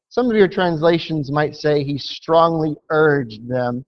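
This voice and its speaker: A man's voice: on the high side, moderate pace, hardly any pauses. A man preaching a sermon, telling a Bible story with emphasis and acting out quotes. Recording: dull lo-fi sound.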